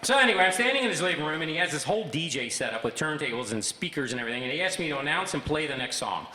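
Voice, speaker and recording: A bright-voiced older man in his sixties tells comic stories from a stage, his pitch leaping around with lively energy. The sound rings through a big echoey hall with a long reverb tail. Every so often he slips into a booming fake DJ voice for a punchline. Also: racing. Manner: bursts into a booming fake DJ voice for jokes. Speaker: speaker giving a short stage talk. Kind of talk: humorous storytelling talk. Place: large hall with audience.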